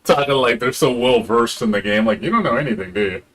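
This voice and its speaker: A man's voice: mid-range voice, lively intonation, brisk, a bit bright. A man streaming a game, ranting in a casual, profane and sarcastic way, now and then mocking other people in put-on voices.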